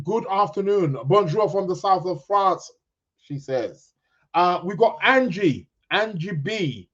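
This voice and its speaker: A man's voice: sits high, dull audio. A man hosting an astrology podcast, chatting casually and reading out viewer comments in a rambling, joking way. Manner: rambling, jokey, self-interrupting.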